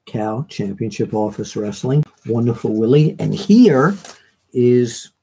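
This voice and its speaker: A man's voice: medium pitch, expressive, slow, vocal fry, mellow, slightly rough. A man hosting a live online show, chatting casually and reading out viewer comments in a rambling way, with many fillers and self-corrections.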